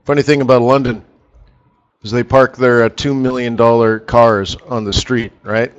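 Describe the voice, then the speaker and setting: A man's mid-range voice, fairly even in intonation and at normal speed, comes through with the highs cut off. He's a forex strategist hosting a live currency trading session, offering casual commentary full of rambling anecdotes and laughter at his own jokes.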